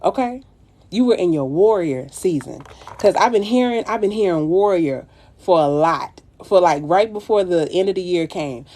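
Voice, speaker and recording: A woman's voice: on the low side, lively intonation, normal speed, dark tone. A woman streaming live and giving her followers a blunt, profane, preachy pep talk. She calls her listeners baby and child. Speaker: makeup artist livestreaming.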